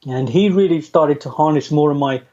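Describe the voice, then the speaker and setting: A middle-aged man tells his story in an easy, chatty way, poking fun at himself and laughing along. His voice sits on the higher side for a man but sounds mellow and dark in tone. The recording is dull and lo-fi. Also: fairly quick. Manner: chatty, self-deprecating, laughs often. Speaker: interview guest. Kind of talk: casual storytelling. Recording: dull lo-fi audio.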